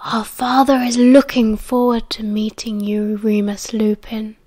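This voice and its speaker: A woman voicing a sly young female werewolf in an audiobook, speaking hushed and half-whispered. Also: a little high, level tone, a little slow, dry recording.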